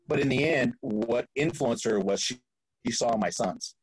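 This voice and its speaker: A man speaking as a podcast guest, telling a story in an animated way, acting out quoted voices and laughing often. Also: mid-range voice, moderate pace, breathy edge, low-quality recording. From Florida.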